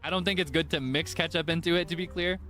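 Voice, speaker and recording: A man's voice: a little high, fairly even intonation, fast, pushed and bright, soft background music. A young man streaming, chatting casually in a rambling, self-correcting way with frequent chuckles.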